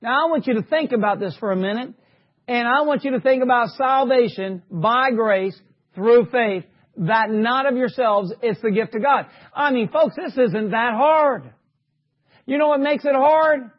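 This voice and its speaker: A man preaching a sermon, fervently asking his congregation rhetorical questions and rising to shouts. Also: very high voice, moderate pace. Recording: dull lo-fi recording.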